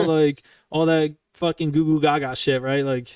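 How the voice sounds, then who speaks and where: Man, twenties, podcast host, casual profane storytelling, slightly high voice, dry sound, a little off-mic. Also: steady tone, fairly quick, few pauses, clean tone, no room sound. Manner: profane, heated, rambling retelling. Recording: dry, somewhat distant from the mic.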